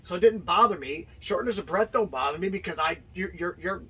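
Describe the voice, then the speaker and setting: A man's voice: high-pitched, animated, brisk, sharp tone. A middle-aged man, a professional wrestler, telling his story as an interview guest and acting out the dialogue. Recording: distant mic with faint noise.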